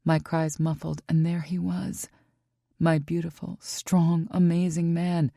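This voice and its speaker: A woman reading a first-person romance audiobook in an intimate, emotive way, with hushed passages. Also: on the low side, level tone, measured pace, vocal fry, no room sound, studio quality. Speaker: audiobook narrator.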